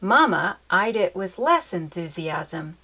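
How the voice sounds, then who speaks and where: A woman reading a children's chapter book aloud in an expressive, lilting storytelling manner. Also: medium pitch, unhurried.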